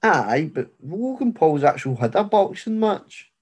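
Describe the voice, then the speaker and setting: A man's voice: on the high side, a little slow, husky. A man hosting a podcast, talking sports casually with a friend, rambling and peppering his talk with fillers. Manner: rambling, leans heavily on "like" as filler; gets loud and animated when arguing a point. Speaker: podcast host.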